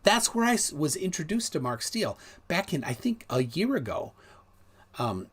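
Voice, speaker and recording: A middle-aged man hosting a livestream, talking casually in a rambling, animated way with many restarts. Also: a little high, normal speed, breathy edge. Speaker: livestream host.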